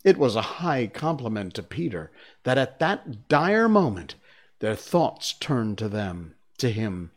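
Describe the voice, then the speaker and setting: A man's voice: mid-range voice, a little slow. A man streaming, reading a children's book aloud and chatting casually with viewers afterward. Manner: lively, expressive, chatty with fillers. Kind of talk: read-aloud narration and casual stream chat.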